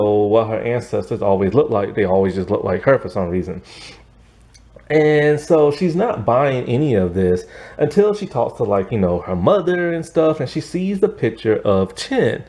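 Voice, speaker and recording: A man giving a casual spoken movie review, rambling and animated, filling his talk with "like" and "you know". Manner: animated, pitch jumps up often.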